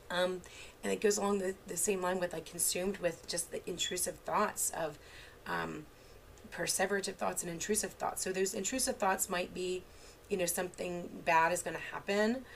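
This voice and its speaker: Woman trainer with a low, gravelly voice; casual, unscripted talk full of "um"s; faint hiss behind. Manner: casual, many filler words and restarts; relates examples from her own parenting. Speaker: therapist giving an online training. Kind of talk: unscripted lecture.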